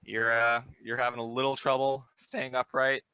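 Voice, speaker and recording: Bright-voiced man running a tabletop game. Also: mid-range voice, little pitch movement, normal speed, clean tone, no room sound, dull audio. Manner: easygoing narration with fillers. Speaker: dungeon master. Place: home setup, streamed live.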